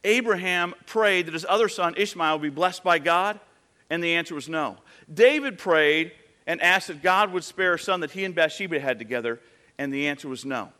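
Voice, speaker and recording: A man's voice: a little high, normal speed, pushed and bright. A man in his thirties preaching a sermon, telling stories and acting out quoted voices in a conversational way. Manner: conversational storytelling with acted quotes. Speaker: pastor.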